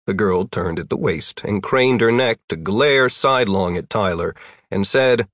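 A man narrates a storybook with a wry, even delivery in a low voice. He is recorded close on a dry studio mic. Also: measured pace, dry recording. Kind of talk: audiobook narration.

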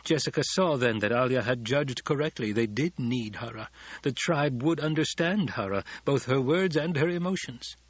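A man narrating an audiobook in a calm, even read. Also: medium pitch, moderate pace, hardly any pauses, husky, no room sound, lo-fi sound. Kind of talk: scripted narration.

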